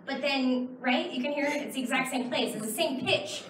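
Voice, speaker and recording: Her voice sits high and moves at a normal pace as this woman in her thirties, from Texas, answers a convention panel audience. She's chatty and rambling, explaining with lots of fillers. The distant camera in the crowd captures an echoey hall with noise in the background.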